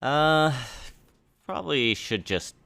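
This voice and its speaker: A man's voice: fairly high pitch, lively intonation, takes it slowly, gravelly, sharp tone. A male streamer reading game text aloud in a casual way, with swearing asides.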